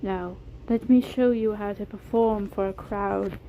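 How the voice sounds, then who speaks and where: A woman voicing a gentle, motherly female animatronic with a light British accent and a soft, tender way of talking. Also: medium pitch, steady tone, unhurried, narrow, tinny audio, slight background noise, close to an everyday voice. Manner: soft, tender, whispery at times.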